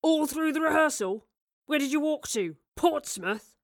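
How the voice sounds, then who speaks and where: A woman's voice: mid-range voice, steady tone, normal speed, gravelly, fairly bright tone, husky, no room sound, studio quality, exaggerated voice. A woman voicing a grumbling, nervous male actor who mutters and barks his complaints. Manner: muttering, barking.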